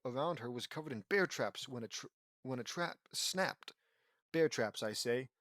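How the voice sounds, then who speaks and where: A man's voice: medium pitch, a bit bright, dry recording, studio quality. A man reading fan fiction aloud as an audiobook, breaking off often for sarcastic, frustrated asides.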